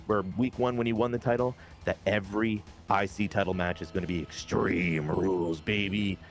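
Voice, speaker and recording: Low-voiced guy recapping his game league, gets excited, cusses a bit, faint music behind. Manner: excitable, swears casually. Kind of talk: casual gameplay recap commentary.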